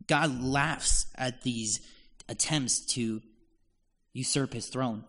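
A man of middle pitch preaches a sermon through a psalm, explaining it earnestly to his listeners. His voice rings with the long reverb of a large hall, and he leans hard into the lines he speaks as God's words. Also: takes it slowly, pauses often, a bit bright.

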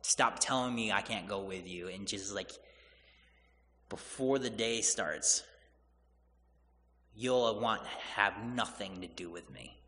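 A man's voice: lowish voice, slow, long pauses, sharp tone. Man, preacher, casual storytelling sermon, acts out the characters, ringing hall reverb. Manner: retells scripture in casual voiced paraphrase, acting out Jesus and Peter.

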